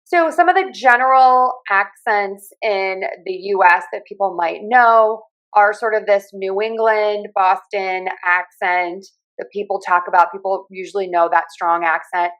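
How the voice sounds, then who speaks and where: Female podcast host with a light Pittsburgh accent, measured and clear, teaching as she talks. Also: mid-range voice, fairly bright tone, rough recording. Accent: Pittsburgh, softened by years in other US regions. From Western Pennsylvania. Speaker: podcast host and communication coach. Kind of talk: solo podcast talk.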